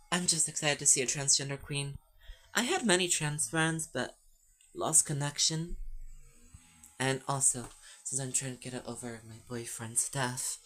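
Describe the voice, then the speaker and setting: A woman voicing a bubbly, feminine young gay man who gushes with slang and swearing. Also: deep voice.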